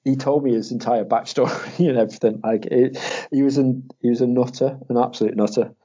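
A man's voice: medium pitch, fairly quick, husky. Young man, casual chat, laughs and swears, dull lo-fi sound. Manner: animated storytelling, acts out quotes in a raised voice, swears, laughs often. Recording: dull lo-fi audio.

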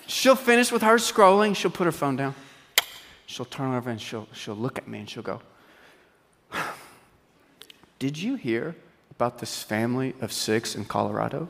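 A middle-aged man preaching a sermon as pastor, telling funny family stories and dropping to a hush, then rising loud. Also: medium pitch, gravelly. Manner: humorous storytelling, swings between hushed and loud. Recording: long hall reverb.

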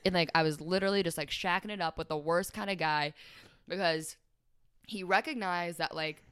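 A woman's voice: on the low side, moderate pace, a bit bright, clear, resonant tone, dry recording, clean studio sound. A young woman talking candidly and emotionally about her life as a podcast guest, with lots of "like" fillers and quoting others. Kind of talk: candid personal conversation.

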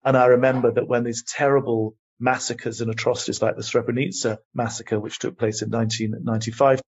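An older man answering interview questions as a guest, telling his story in a passionate, emphatic and measured way. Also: medium pitch, flat delivery, darkish tone, breathy edge. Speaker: guest, human rights advocate. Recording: dull lo-fi audio.

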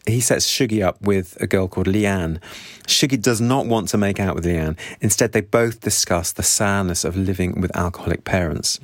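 A man's voice: deep voice, moderate pace, no echo, studio quality. A man summarizing a novel chapter by chapter, with earnest, sympathetic asides. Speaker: book reviewer. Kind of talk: book summary talk.

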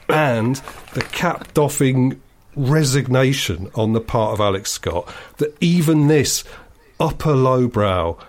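A man with a middle-pitched voice holds forth in casual chat as a co-host. He tells long digressive stories in a dry, sardonic way.

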